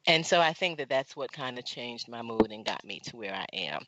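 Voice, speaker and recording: A podcast host opening the show and chatting casually, playful and animated. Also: medium pitch, a little fast, no echo, highs cut off. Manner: lively, playful, jumps between loud and soft.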